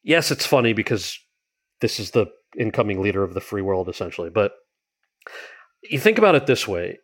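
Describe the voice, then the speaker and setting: A man, an actor and writer, telling a story in an interview, acting out quoted lines with jumps in pitch and mocking himself, with fillers and restarts. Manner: self-deprecating, many fillers and restarts.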